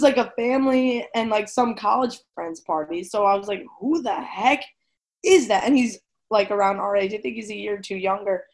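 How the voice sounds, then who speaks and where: A woman in her twenties co-hosting a podcast, chatting casually in a bubbly, giggly way, full of "like.". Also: fairly high pitch. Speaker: podcast co-host. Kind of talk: casual chat.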